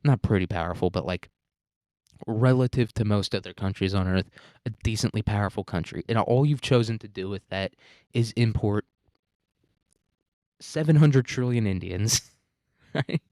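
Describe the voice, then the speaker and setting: A man's voice: on the low side, moderate pace, long pauses, mellow, no room sound, clean studio sound. A man hosting a solo podcast in a casual monologue, rambling and crude, often laughing at his own jokes. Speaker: podcast host.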